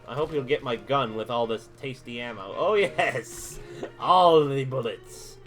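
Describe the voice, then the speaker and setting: A man's voice: medium pitch, normal speed, soft background music. Chatty man narrating his own gameplay. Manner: chatty, talks to himself while playing, bursts of excitement. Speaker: gamer streaming a playthrough. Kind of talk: casual let's-play commentary.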